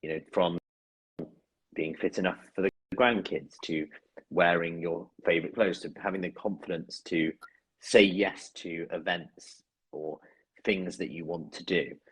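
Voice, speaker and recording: A man's voice: deep voice, steady tone, measured pace, a bit bright, breathy edge, rough recording. A man, a fitness coach chatting casually in a thoughtful, reflective way. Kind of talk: casual chat.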